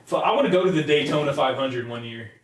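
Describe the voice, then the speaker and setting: A man's voice: medium pitch, lively intonation, quick pace. A young man co-hosting a casual podcast, telling rambling, profanity-laced stories. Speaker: podcast co-host. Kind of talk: casual chat. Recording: echoey room.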